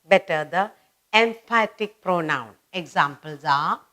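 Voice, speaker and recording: A woman teaching a grammar lesson for children, repeating each word and phrase slowly and deliberately. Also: on the low side, pushed and bright.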